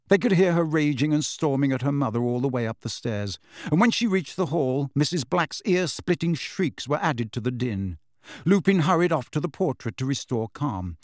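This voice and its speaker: Guy reading an audiobook, animated, dry close sound. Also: medium pitch, no room sound. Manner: expressive. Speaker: audiobook narrator. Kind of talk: audiobook narration.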